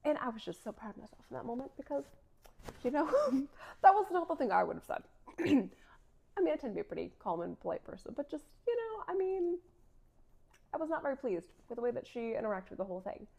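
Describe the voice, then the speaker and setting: A woman's voice: sits high, sing-song, a little fast, gravelly, dark tone, breathy edge. A woman in her thirties telling a personal faith story in a casual, chatty way, with lots of filler words and frequent laughter. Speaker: vlogger sharing a faith story.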